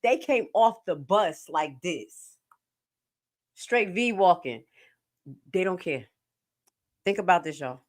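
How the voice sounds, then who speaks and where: A woman's voice: on the low side, slow pace, pauses often. A woman hosting an online show, commenting on a played interview and talking straight to her viewers. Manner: animated, talks straight to viewers. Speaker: host.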